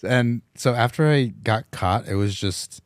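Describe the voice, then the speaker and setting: A man speaking as a podcast guest in casual chat, rambling in a relaxed way with plenty of fillers. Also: mid-range voice, measured pace, no echo, studio quality.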